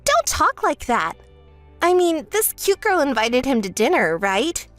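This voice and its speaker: A woman's voice: very animated, measured pace, no room sound, faint music behind. A woman voicing a spoiled, self-centered young bride who bosses her sister around, in a texting-story voice-over. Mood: smug. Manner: whiny, bossy, shrill when angry.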